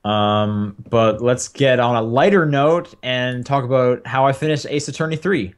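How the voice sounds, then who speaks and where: A man's voice: medium pitch, measured pace, clear, resonant tone. A young man co-hosting a podcast, chatting casually about video games with lots of fillers and restarts. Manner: rambling, many fillers and restarts. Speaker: podcast co-host. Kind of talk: casual game chat.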